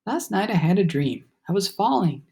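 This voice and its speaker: Male audiobook narrator, first-person storybook, reflective and steady, husky tone. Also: sits high, moderate pace. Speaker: audiobook reader.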